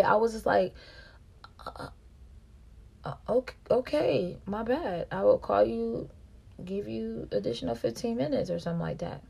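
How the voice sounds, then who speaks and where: A woman podcast host, telling a personal story in a monologue and acting out quarrels in a louder, higher voice. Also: moderate pace, creaky, slightly rough. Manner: reenacts quarrels with raised pitch and volume.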